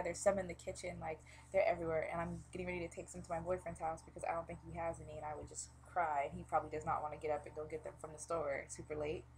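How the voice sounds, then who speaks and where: Low-voiced young woman venting casually. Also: a little hiss or hum, rough recording. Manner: venting, swears freely, many fillers like "um" and "like". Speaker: vlogger. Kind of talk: casual vlog chat.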